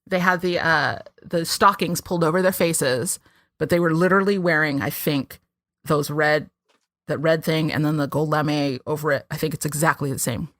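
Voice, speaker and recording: A woman's voice: sits low, normal speed, fairly bright tone, dry recording, studio quality. A woman hosting a podcast, chatting and recapping an episode with a lot of laughter. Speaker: podcast host. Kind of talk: casual podcast chat.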